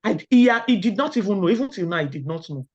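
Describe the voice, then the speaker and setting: A middle-aged Nigerian woman giving a webinar talk, firing rhetorical questions at the audience and telling lively personal stories. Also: medium pitch, quick pace, husky. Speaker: academic webinar speaker. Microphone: video call. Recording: dull lo-fi online call audio.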